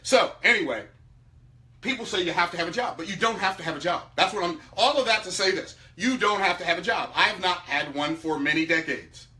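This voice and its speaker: An emphatic man with a high, bright voice tells a personal story to an audience. He swings from loud outbursts down to hushed, low asides. His delivery stays animated throughout. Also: a little fast. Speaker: speaker teaching about money.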